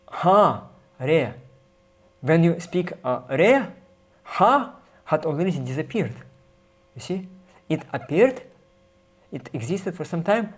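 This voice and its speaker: Man teaching scripture, halting. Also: a little high, darkish tone. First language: Russian. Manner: halting, many fillers and restarts, reads passages aloud then explains. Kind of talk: explanatory scripture class.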